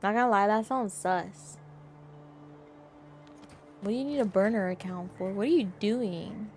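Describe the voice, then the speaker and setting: A woman's voice: mid-range voice, unhurried, darkish tone, faint music behind. A young woman streaming a game, chatting with her viewers in a giggly, talkative way. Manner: giggly, chatty, reads chat aloud. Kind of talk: casual live game stream chat.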